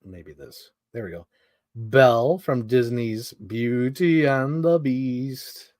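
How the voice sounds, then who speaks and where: A man's voice: mid-range voice, slow pace, darkish tone, no room sound, studio quality. A man live streaming, chatting casually and rambling with lots of fillers as he shows off collectibles. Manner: chatty, rambling fan talk with many fillers. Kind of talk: casual chat.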